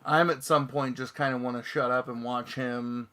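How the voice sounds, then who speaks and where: A man's voice: mid-range voice, fairly even intonation, normal speed, pushed and bright. A man hosting a casual comics chat show and reading viewer comments aloud. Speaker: podcast host.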